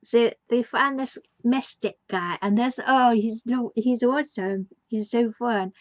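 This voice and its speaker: Slow, rambling woman fan. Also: a little high, dry recording, dull audio. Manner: rambling, enthusiastic, many fillers. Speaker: TV show reviewer. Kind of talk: casual fan review.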